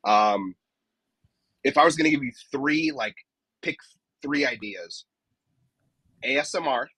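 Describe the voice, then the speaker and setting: A man's voice: medium pitch, bright, forceful tone, slightly rough, no room sound, low-quality recording. A man who works as a dent repair technician, a guest on a casual podcast interview, explaining his advice step by step and often checking in with "right?". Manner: explanatory, tags many points with "right?".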